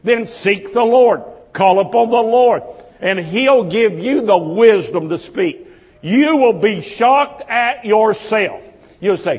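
A man preaches a sermon in a high, ringing voice, taking his time over each phrase. His delivery is impassioned and builds through repeated refrains. The sound carries the long reverb of a church hall. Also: lively intonation, takes it slowly, a little mellow, husky. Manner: impassioned, repetitive preaching cadence. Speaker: pastor.

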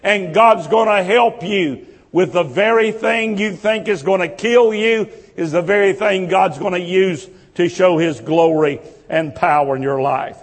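High-voiced man preaching slowly in a hall. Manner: impassioned, repetitive preaching cadence. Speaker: pastor. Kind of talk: sermon.

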